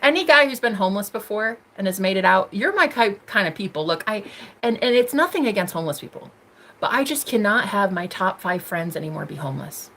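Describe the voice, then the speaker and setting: A young American woman hosts a casual livestream, reading viewer comments with a bubbly, giggly, teasing manner that swings from loud squeals to murmurs. Her voice is medium in pitch, animated and brisk, with a faint hiss or hum in the audio.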